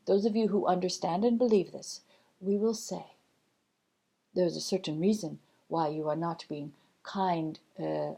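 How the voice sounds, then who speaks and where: A woman channeling a calm teaching spirit. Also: fairly low pitch, voice pushed down. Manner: slow, measured, gently instructive, many pauses. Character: collective loving spirit guide, calm and teaching.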